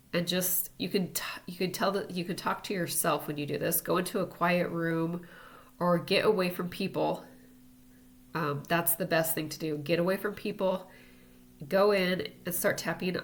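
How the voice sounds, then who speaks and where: A woman teaching an energy healing technique in a casual, relaxed way, talking as she demonstrates tapping on herself. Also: fairly low pitch. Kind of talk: casual instructional talk.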